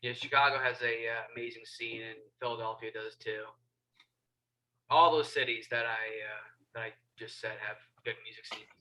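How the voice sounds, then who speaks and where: Laid back american guy asking questions, pretty flat voice, friendly. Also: medium pitch, moderate pace, rough recording. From Pennsylvania, United States. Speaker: interviewer. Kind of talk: casual interview chat.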